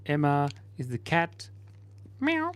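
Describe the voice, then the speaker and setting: A man's voice: medium pitch, lively intonation, normal speed. A man hosting a casual live stream, chatting playfully and laughing while he draws and reads out viewer comments. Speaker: livestream host.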